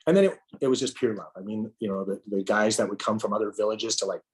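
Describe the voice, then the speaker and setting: Low-voiced man telling a heartfelt story. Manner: halting, repeats words, many fillers. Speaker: podcast guest. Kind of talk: emotional personal storytelling.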